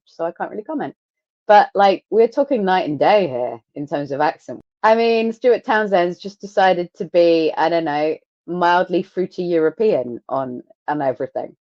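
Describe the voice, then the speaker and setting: A woman co-hosting a podcast, telling stories in an animated, sarcastic, sweary way. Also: low-pitched, no echo. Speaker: podcast co-host. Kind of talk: casual podcast chat. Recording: dry, dull lo-fi mic.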